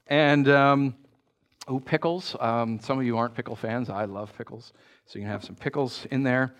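Speaking at a moderate pace in a mid-range voice, a man preaches as pastor in a church. He tells humorous stories with lots of energy and asks his congregation questions along the way.

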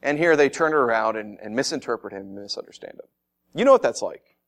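A man preaching a sermon as pastor, animated and fond of acting out mocking voices, with frequent laughs. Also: mid-range voice, quick pace, gravelly.

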